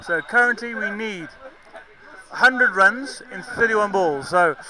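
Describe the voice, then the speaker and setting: A man's voice: high-pitched, expressive, slow pace, crowd noise, rough recording. A man from Zambia with a mixed southern African and English accent, giving chatty, jokey live cricket commentary. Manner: chatty, jokey, self-correcting.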